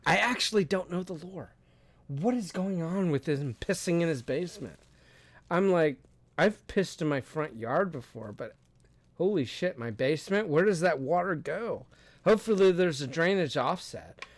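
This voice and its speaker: Young guy streaming, kinda high voice, dry close sound, rambles n laughs a lot, swears. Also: animated, moderate pace, dry recording. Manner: rambling, laughs often, profane, reacts to chat. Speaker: streamer host. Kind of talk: casual livestream chat.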